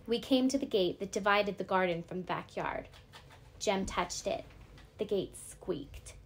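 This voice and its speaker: A woman teacher reading a novel aloud to her class, steady and clear. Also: medium pitch, unhurried.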